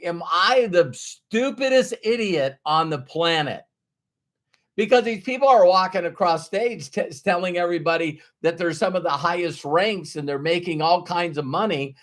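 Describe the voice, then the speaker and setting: A man with a fairly high voice gives a motivational business talk. He tells his story in an animated, emphatic way and repeats key phrases for effect. It sounds like a coach speaking directly to his followers. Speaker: business trainer.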